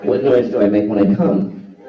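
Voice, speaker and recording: A man doing a stand-up comedy set, talking in an animated way and sometimes breaking into loud mocking voices. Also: on the low side, normal speed. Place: large hall with live audience. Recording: echoey hall, mic far off, crowd. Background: audience laughter.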